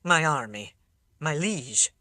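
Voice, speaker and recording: An audiobook reader voicing a young ancient soldier, newly woken and miserable, speaking in a hushed, pleading way. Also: medium pitch, lively intonation, slow, no room sound. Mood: bewildered. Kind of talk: audiobook character voice.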